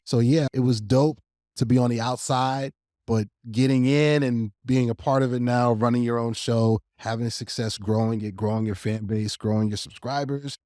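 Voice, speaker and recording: Lively laughing man on a sports podcast. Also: mid-range voice, normal speed, dry recording, clean studio sound. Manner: animated, laughs often, restarts words. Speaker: sports podcast host and guest. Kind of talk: casual sports podcast chat. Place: podcast studio.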